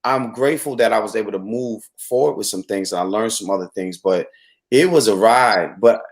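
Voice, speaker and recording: A man's voice: on the low side, fairly quick. A man hosts a casual conversation, reflective and earnest. He often restarts his sentences as he gathers his thoughts. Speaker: host and venue owner. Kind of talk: casual chat.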